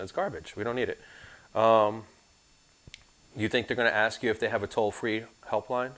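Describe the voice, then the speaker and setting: A man's voice: mid-range voice, normal speed, a bit bright. A man teaching an insurance licensing class live, casual and joking, with asides to his students.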